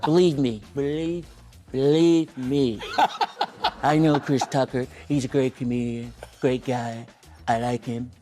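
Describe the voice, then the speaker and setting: A man's voice: mid-range voice, steady tone, a little slow, long pauses, over music, voice pushed down, natural voice. A man doing a comic impression of a boastful older male politician who keeps repeating himself.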